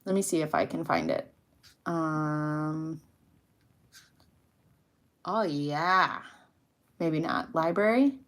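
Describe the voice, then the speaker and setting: A woman in her thirties, a podcast host, casually telling a personal story in a blunt, animated way and swearing freely. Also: low-pitched, takes it slowly, long pauses. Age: 30s. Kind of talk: casual storytelling to a live audience.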